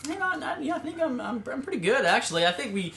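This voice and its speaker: A man who is a guest on a podcast, chatting casually and joking with mock-gloomy deadpan. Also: very high-pitched, quick pace, gravelly, slight background noise. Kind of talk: casual chat.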